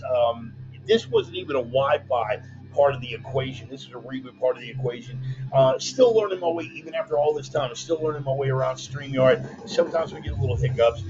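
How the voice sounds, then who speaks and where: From his laptop, a man hosts his weekly online show, casually reading viewer comments, joking, and calling listeners "man" and "brother." His voice is medium-pitched. Background noise and bumper music sit under the dull, lo-fi recording.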